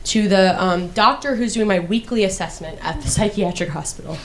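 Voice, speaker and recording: A woman's voice: mid-range voice, a little fast, a little hiss or hum. A young woman performing a stand-up monologue, rambling and profane, full of "like" fillers and restarts, darkly mocking herself. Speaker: comedian.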